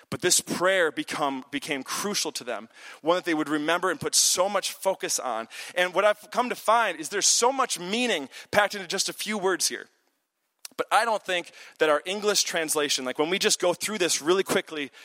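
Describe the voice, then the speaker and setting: A man preaching a sermon in a lively, conversational way, talking to his congregation. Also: high voice. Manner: energetic, conversational preaching with audience asides. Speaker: pastor. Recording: long hall reverb.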